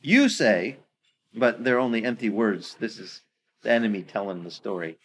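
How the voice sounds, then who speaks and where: A man preaching a sermon in a lively, slangy, conversational way. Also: lowish voice, moderate pace, a little hiss or hum.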